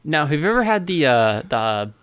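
A man co-hosting a podcast, bantering in a casual, teasing and animated way. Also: fairly high pitch, clean tone, dry recording. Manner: animated, teasing, quick to joke. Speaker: podcast co-host.

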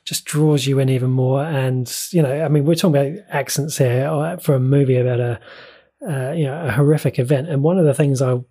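A man co-hosting a film podcast, speaking in a measured, reflective way with some hesitations. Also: mid-range voice, steady tone, dark tone, breathy edge. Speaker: podcast co-host. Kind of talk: casual film discussion.

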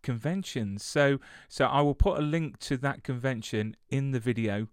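A man hosts an interview, polite and effusive, tripping over his words now and then. His voice is mid-pitched and recorded dry with no room sound. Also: moderate pace, clean tone, no room sound. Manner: polite and effusive, stumbling restarts. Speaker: podcast host. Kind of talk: podcast interview.

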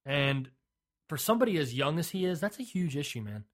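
A man's voice: a little high, big pitch swings, a little fast. A man co-hosting a sports podcast in casual chat, blunt and opinionated, often restarting his sentences. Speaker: podcast co-host.

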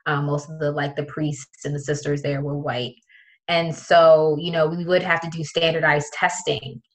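Lowish-voiced young woman telling stories, acts out what people said, very chatty. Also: moderate pace, rough recording. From Prince George's County, Maryland area. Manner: animated, many "like" fillers, acts out quoted voices. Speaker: guest. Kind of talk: casual conversational storytelling.

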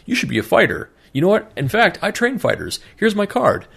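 A man putting on the voice of a pushy, overfriendly martial arts recruiter, flattering and selling himself. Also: sits high, fairly quick, gravelly, slightly rough, pitched above the performer's own voice, full character voice. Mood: salesy. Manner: eager salesy flattery.

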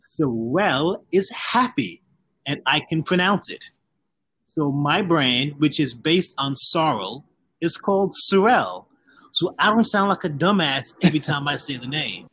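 Measured man with a higher voice. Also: animated, sharp tone, slight background noise, rough recording. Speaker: guest, drinks brand founder. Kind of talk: conversational interview.

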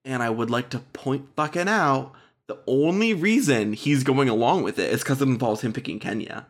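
A man's voice: medium pitch, expressive, moderate pace. A man co-hosting a casual recap podcast, sarcastic and swearing freely. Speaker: podcast co-host.

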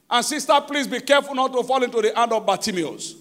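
A pastor with a Nigerian accent delivers an emphatic sermon during a church service, questioning the congregation and alternating between shouting and quiet stretches. His voice is extremely high and animated, and he talks fast.

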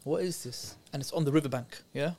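A man's voice: a little high, brisk, creaky, dark tone. Earnest man telling a story. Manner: earnest, chatty, slangy. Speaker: podcast guest, youth worker. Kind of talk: casual chat, storytelling.

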